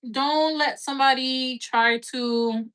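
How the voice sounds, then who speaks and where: A woman's voice: sits high, steady tone, slow pace, a bit bright. A woman giving a casual live-stream tarot reading, chatty and loose, peppering her talk with "like" and "right?" and the odd swear word. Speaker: tarot reader.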